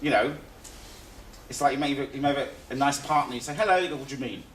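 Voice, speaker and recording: A man's voice: medium pitch, fast, a bit bright. A man teaching a live seminar in a conversational, repetitive way, often restating his points. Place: seminar room. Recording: echoey room, distant mic, faint hiss.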